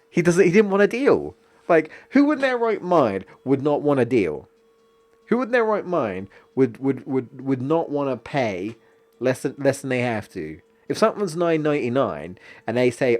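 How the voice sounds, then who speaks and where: A man's voice: fairly high pitch, very animated, measured pace, darkish tone. A young man streaming a video game, ranting casually with lots of swearing and exasperated jokes. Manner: profane, exasperated, jokey rants. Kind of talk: casual gaming stream commentary.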